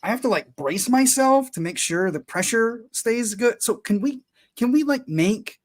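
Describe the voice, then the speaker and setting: A man's voice: very high-pitched, lively intonation, moderate pace, pitched above the performer's own voice. A man voicing a frank male astronaut griping to coworkers, in a whiny, pleading tone.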